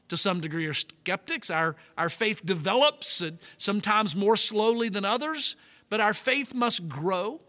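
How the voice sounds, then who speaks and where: Pastor, male, high bright voice, preaches with emphatic drawn-out stresses, long hall reverb. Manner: emphatic, slows and stretches key words. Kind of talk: sermon.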